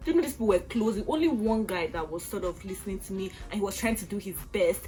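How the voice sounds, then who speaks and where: A young Nigerian woman with a Nigerian accent, telling a storytime vlog in an animated, exasperated way with acted-out outbursts. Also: mid-range voice, fast talker. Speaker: vlogger.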